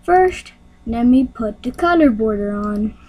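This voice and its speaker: A woman's voice: fairly high pitch, expressive, a little slow, highs cut off. A young woman hosting her homemade talk show, rambling in a silly, random way with sound effects, on a computer mic. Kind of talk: rambling casual screen-recorded vlog.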